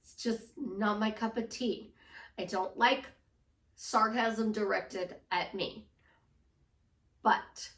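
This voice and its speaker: A woman's voice: on the high side, a bit bright, reverberant, recorded from a distance. A woman life coach giving an upbeat, emphatic motivational talk. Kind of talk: motivational vlog monologue.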